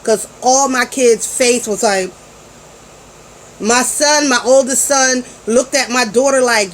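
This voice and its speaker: Woman in her forties, fairly high voice, slangy and chatty, telling a family story to camera over faint room noise. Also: slow pace, rough recording. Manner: chatty and slangy, with frequent restarts. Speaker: parent vlogger.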